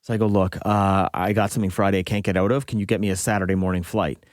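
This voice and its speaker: A man's voice: deep voice, fast talker, no room sound. Man telling a story, dry close sound. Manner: lively storyteller acting out quoted dialogue. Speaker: podcast co-host. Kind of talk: casual anecdotal storytelling.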